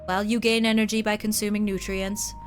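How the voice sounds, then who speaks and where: A woman reads a detached, otherworldly angel from a fantasy game. The delivery is stiff and formal, held to a flat monotone with almost no pitch movement. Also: fairly quick, faint music behind, close to an everyday voice. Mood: cold formal. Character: cold monotone female angel, creature of light. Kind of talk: reading game dialogue aloud.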